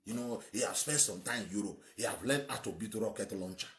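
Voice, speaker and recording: A man's voice: fairly low pitch, fast talker, fairly bright tone. A man with a Nigerian accent, hosting and giving an emphatic, rambling opinionated monologue. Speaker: host.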